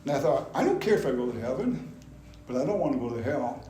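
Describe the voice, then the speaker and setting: An older man giving a personal testimony at a gospel meeting, telling his story in an animated way and acting out his past anger. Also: medium pitch, fast. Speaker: testimony speaker. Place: gospel hall. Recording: echoey hall, faint background noise.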